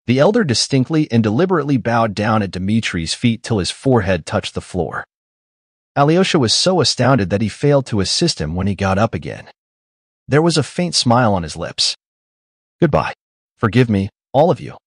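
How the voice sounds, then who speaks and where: A man reads a classic novel aloud in an expressive, measured manner. His voice is husky, with lively pitch movement, and sounds dry and close. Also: no echo. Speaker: audiobook narrator. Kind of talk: scripted narration.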